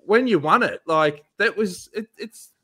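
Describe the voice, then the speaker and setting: A man's voice: sits high, animated, measured pace, sharp tone, a little hiss or hum. A man with a slightly raised voice tells stories at full energy. He swears freely and laughs through his own tales in casual podcast chat. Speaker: podcast host.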